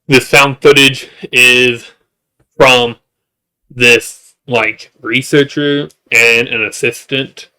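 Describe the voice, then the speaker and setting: Bright-voiced rambling man reviewer. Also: slow pace. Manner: rambling, jokey, with asides and restarts; works up into high-pitched exasperation. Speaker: show reviewer. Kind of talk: casual comedic recap.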